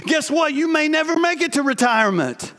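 Pastor, man, 40s, very high voice, chatty storyteller in the pulpit, long church reverb. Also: brisk. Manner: lively, conversational storytelling with asides to the congregation. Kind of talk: sermon. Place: church sanctuary.

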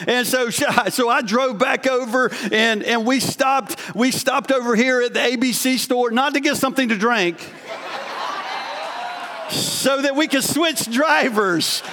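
A man in his forties delivers a sermon with a very high voice. He talks in a lively, conversational way, telling stories and turning to the congregation with asides. The long reverb of a church sanctuary hangs behind every line. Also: unhurried. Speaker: pastor.

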